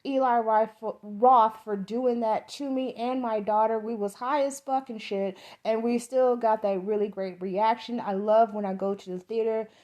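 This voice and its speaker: A woman's voice: a little high, fairly even intonation, moderate pace, few pauses, warm tone. A middle-aged woman from the American South with a Southern accent, giving a rambling, profane, enthusiastic movie review as a podcast host.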